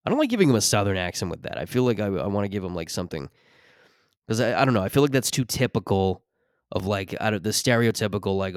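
Here a podcast host in his thirties delivers a solo comedic rant that's profane, rambling and full of self-interruptions. He speaks fast in a lowish, expressive voice, and the studio sound is clean with no room noise.

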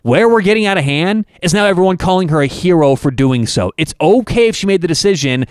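A man's voice: high voice, animated, fast talker, a little mellow, clear, resonant tone, no echo, studio quality. A man hosting a podcast, delivering an opinionated, emphatic monologue full of rhetorical questions. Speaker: podcast host and network owner.

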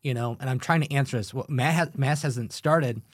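An animated man chatting as a podcast guest, laughing often as he tells stories. His voice sits at a middle pitch. The sound is dry and close, with no room echo. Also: fairly quick. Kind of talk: casual chat.

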